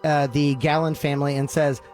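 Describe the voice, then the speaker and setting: Guy telling a wild story to his buddies, kinda high voice, lots of uhs, some music faint in the back. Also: brisk. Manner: animated retelling, with filler ums and uhs. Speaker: podcast host telling a story. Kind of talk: casual storytelling among friends.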